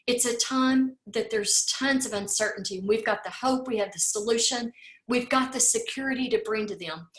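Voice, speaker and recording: A woman's voice: fairly high pitch, a bit bright. Tearful woman, echoey farewell. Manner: heartfelt, repeats words, says y'all. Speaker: host of an online coffee talk. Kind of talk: emotional farewell speech.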